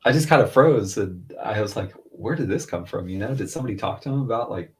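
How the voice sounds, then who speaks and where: A man's voice: fairly low pitch, expressive, quick pace. A man in his thirties, a father telling a long story in casual chat, rambling and chatty, lifting his voice when he quotes others. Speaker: podcast co-host, father.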